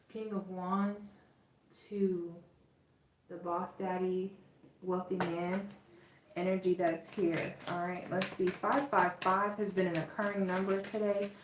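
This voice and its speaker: A woman's voice: fairly low pitch, background noise. A woman with a Southern drawl giving a casual tarot reading to her viewers, chatty and emphatic, often checking in with "okay?". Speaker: tarot reader. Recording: roomy echo, distant from the mic.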